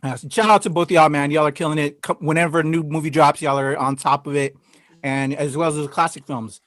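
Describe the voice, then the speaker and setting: Chatty male podcast host on a video call, high voice, loose delivery. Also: fairly even intonation, quick pace, fairly bright tone, no room sound, clean studio sound. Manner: laughs often, loose and chatty with many fillers. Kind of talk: casual review chat.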